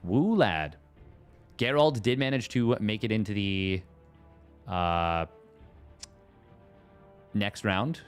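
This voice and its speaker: A man's voice: fairly low pitch, expressive, slow, long pauses, clean tone, faint music behind. A man doing casual live commentary on a strategy game match, playful and self-mocking, wandering into joking asides. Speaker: esports caster.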